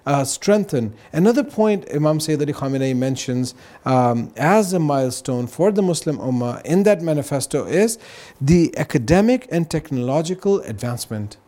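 A man's voice: a little high, expressive, normal speed, hardly any pauses, mellow. A man speaking as a guest on a religious talk show, explaining earnestly and often checking in with "right?" and "you know".

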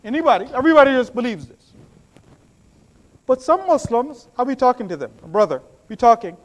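A male preacher with a strikingly high voice delivers a sermon. His pitch swoops widely as he shifts from loud, excited bursts to low, hushed asides. The telling is animated and story-driven. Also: brisk.

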